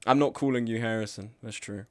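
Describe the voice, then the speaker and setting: A man's voice: mid-range voice, steady tone, brisk, a little mellow. A man live-streaming a game, chatting casually with his chat in a sweary, self-deprecating way.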